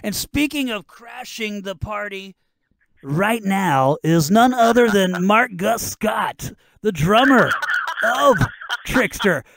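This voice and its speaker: A man's voice: sits high, lively intonation, takes it slowly, vocal fry, fairly bright tone, no room sound. A man hosting a rock radio show, talking with casual enthusiasm and a lot of "freaking.".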